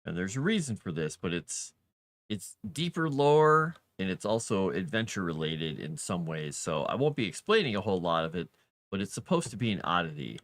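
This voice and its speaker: A man's voice: low-pitched, sing-song, moderate pace, fairly bright tone, no echo. A man casually chatting on a live stream, talking about his world-building and reading messages from viewers. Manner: chatty, talks to his cat and reads chat.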